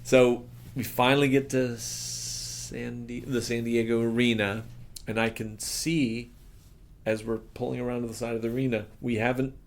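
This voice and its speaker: A gravelly, mid-pitched man in his middle years tells a backstage story with plenty of energy. He drops into the voices of the people he's quoting, and his pitch leaps up whenever he quotes himself. The feel is a relaxed podcast chat. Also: moderate pace. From United States. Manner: acts out the people in his stories, voice jumping up for quoted lines. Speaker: drummer and interview guest. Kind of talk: animated storytelling in casual chat.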